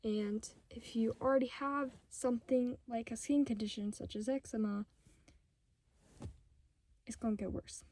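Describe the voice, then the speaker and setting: A fifteen-year-old girl ranting casually to camera at home, rambling and sidetracked, talking fast in bursts and often dropping to a whisper. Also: fairly high pitch, fairly even intonation, a little mellow. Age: 15, teenager. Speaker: vlogger. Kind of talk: casual unscripted rant to camera.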